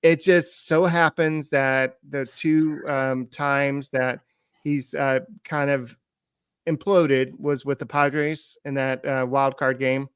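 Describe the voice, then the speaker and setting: A man co-hosting a sports podcast in casual chat, relaxed and slowing down with ums as he thinks. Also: medium pitch, smooth, dry recording, studio quality. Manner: relaxed, frequent ums and uhs, slows while thinking. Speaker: podcast co-host.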